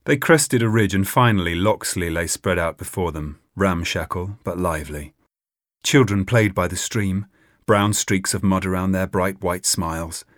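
A man narrating an audiobook in an expressive reading. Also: low-pitched, moderate pace, no room sound, studio quality. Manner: expressive, voices many characters.

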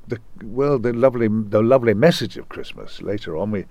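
An older man from Liverpool speaks in a low, unhurried voice. He reminisces with halting restarts and a meandering flow, and the sound is dry with no room echo. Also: darkish tone, dull audio. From Liverpool, England. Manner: rambling, halting, many restarts. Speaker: guest actor. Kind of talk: reminiscing interview.

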